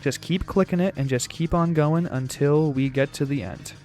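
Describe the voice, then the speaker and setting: A man's voice: a little high, normal speed, darkish tone, soft background music. A man giving let's-play commentary on a puzzle game, talking to the game and repeating short phrases. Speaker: gaming YouTuber.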